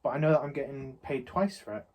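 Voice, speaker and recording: A man's voice: mid-range voice, fast. A young man from England chatting casually, retelling a shop argument in a rambling way. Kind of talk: casual chat, storytelling.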